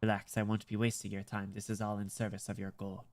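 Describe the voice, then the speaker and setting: A man's voice: fairly low pitch, fast, close to an everyday voice. A man doing a poised Russian guardswoman. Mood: calm. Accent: attempted Russian accent. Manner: polite, formal, calmly persuasive. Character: tall poised female Russian imperial guard. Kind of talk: reading game dialogue aloud.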